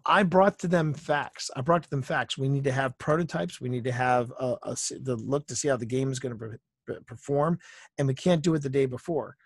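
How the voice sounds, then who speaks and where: A man's voice: on the high side, breathy edge, no echo. Man telling work stories, dry sound. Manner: anecdotal, repeats phrases for emphasis. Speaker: author and entertainer guest. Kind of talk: casual storytelling interview.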